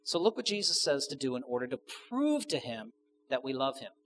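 A man's voice: medium pitch, big pitch swings, fairly quick, fairly bright tone. Male pastor with a mid-range voice, preaching in an easy, joking way and asking his listeners questions, with faint noise behind him. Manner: conversational with joking asides; asks the audience questions. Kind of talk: sermon.

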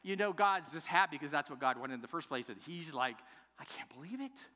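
A man preaching a sermon in a casual, animated way, acting out scripture, recorded in a church sanctuary. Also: fairly high pitch, fairly quick. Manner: animated, conversational, acts out scripture. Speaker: pastor. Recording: long echoing hall reverb.

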